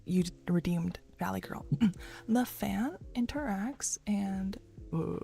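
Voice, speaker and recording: A woman streaming in a hushed, half-whispered morning voice, reading an academic paper aloud in a soft ASMR style and chatting casually in between. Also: mid-range voice, lively intonation, takes it slowly, gravelly. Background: faint background music.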